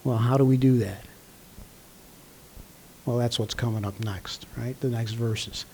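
An older man, a pastor, delivering a conversational sermon with frequent throat clearing and fillers. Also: medium pitch, fairly even intonation, measured pace, dark tone, a little hiss or hum.

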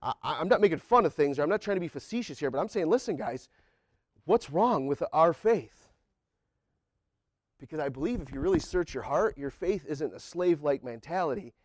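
A man delivers a sermon to a church congregation, talking to them plainly and colloquially. His voice sits high for a man and the recording is dry and close. When he acts out a prayer, he climbs up toward a near-shout. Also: lively intonation, a little fast, no echo. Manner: colloquial, says y'all and man. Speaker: preacher. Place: church sanctuary.

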